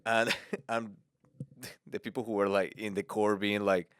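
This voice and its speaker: Laughing man with a smooth voice. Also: lowish voice, level tone, no room sound, clean studio sound. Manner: halting, laughs often, switches into Spanish for bits. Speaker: podcast host. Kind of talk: casual podcast chat.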